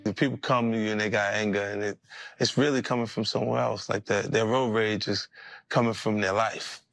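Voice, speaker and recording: A man talking in a calm, reflective way in a played clip. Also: fairly low pitch, brisk, vocal fry, no echo.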